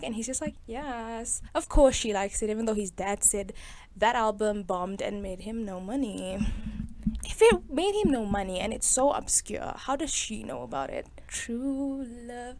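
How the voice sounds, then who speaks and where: A young woman with a somewhat high voice gives casual, sarcastic commentary on a movie. She talks chattily and breaks into laughs along the way. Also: expressive, moderate pace, darkish tone. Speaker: video host reviewing a film.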